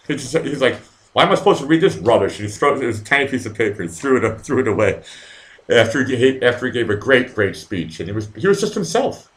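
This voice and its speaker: A man's voice: mid-range voice, expressive, fast, a bit bright. A middle-aged man hosting a live stream, chatting loosely to viewers, stammering, repeating words and swearing casually. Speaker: live show host.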